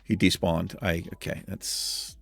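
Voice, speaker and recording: Gravelly low-voiced man muttering game commentary. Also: little pitch movement, measured pace, faint music behind. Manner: muttering, thinking aloud, mildly exasperated. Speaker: gaming channel host. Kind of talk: casual let's-play commentary.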